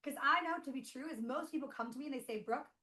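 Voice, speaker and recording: High pitched lady coach hyping up her viewers, super emphatic, keeps firing rhetorical questions. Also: quick pace, low-quality recording. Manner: energetic and emphatic, repeats rhetorical questions, says "you guys". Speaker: online business coach. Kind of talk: motivational online training.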